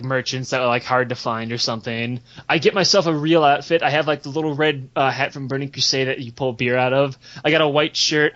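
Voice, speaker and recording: A man's voice: medium pitch, fairly bright tone. A young man telling a long, profane gaming story in casual podcast chat, rambling and giggling as he goes. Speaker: podcast host. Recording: dull lo-fi podcast audio.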